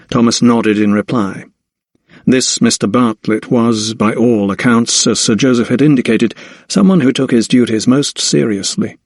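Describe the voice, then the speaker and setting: A man narrating a historical mystery audiobook in an even, measured storytelling voice. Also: medium pitch, no echo, clean studio sound. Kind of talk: scripted narration.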